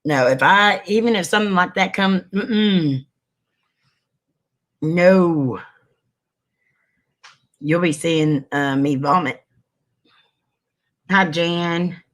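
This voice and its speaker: A man's voice: a little high, very slow, long pauses, a bit bright. A man hosting a casual livestream. He chats with viewers, greets them by name and sniffles now and then. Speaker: livestream host.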